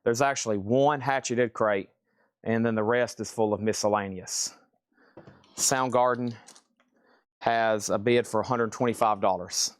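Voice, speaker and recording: A man hosting a live-stream vinyl auction, rattling off titles and prices in quick, chatty patter. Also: fairly low pitch, fairly even intonation, no room sound, clean studio sound.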